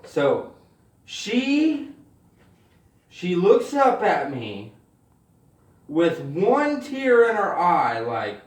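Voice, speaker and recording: A man telling stand-up stories in an animated, swearing style, acting out the people in them. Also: high voice, extremely slow, long pauses, roomy sound, distant mic. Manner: animated, swears freely, acts out voices. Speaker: stand-up comedian. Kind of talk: stand-up storytelling.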